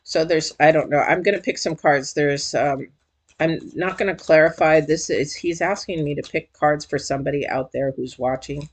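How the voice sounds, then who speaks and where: A tarot reader giving a casual intuitive reading straight to viewers, chatty and emotional, with sudden high exclamations. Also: steady tone, normal speed.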